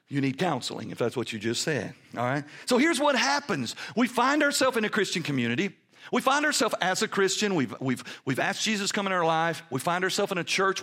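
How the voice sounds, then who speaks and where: A preaching pastor, a man with a high-pitched voice who drives his sermon with emphatic swings, dropping quiet and low before climbing loud again. He sounds middle-aged and speaks straight to his congregation.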